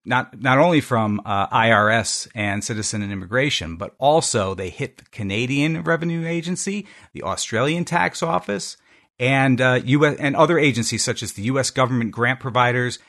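A man's voice: mid-range voice, moderate pace, a bit bright. A man from the United States, a podcast co-host, presenting a segment in a wry, joking way during a casual panel chat. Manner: wry, jokey delivery of a prepared segment.

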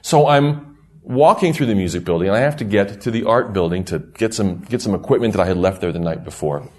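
A middle-aged man with a very deep voice tells a long story in casual chat. His pitch ranges widely as he goes, and he rambles and chuckles through the telling. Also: animated, fairly quick, a little mellow.

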